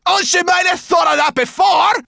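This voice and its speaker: A man voicing a feisty, sharp-tongued brownie girl in an audiobook, shouting in a high, urgent voice. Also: steady tone, moderate pace, creaky, dry recording, clean studio sound, heavily acted. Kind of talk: audiobook character voice.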